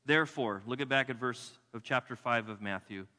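A male pastor preaching a sermon in a church with emphatic delivery, repeating key phrases and dropping to a hush for weight. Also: medium pitch, fairly quick. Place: church sanctuary. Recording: long hall reverb.

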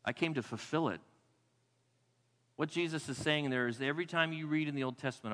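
A male pastor preaching a sermon in a church with emphatic delivery, repeating key phrases and dropping to a hush for weight. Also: fairly high pitch, fairly quick, long pauses. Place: church sanctuary. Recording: long hall reverb.

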